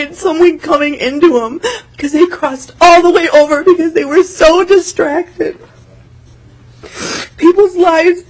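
Woman, high voice, tearful, voice breaking, pleading, earnest testimony, hearing room. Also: low-quality recording. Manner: earnest, pleading, repeats key points. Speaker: testifier at a legislative committee hearing. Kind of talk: emotional public testimony.

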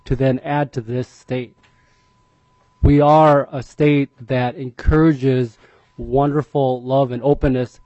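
At a legislative hearing, a man testifies as a parent in a mid-range, slightly mellow voice, earnest and openly emotional as he stumbles over repeated words. The recording has no room sound and is dry and a little dull, lacking sparkle.

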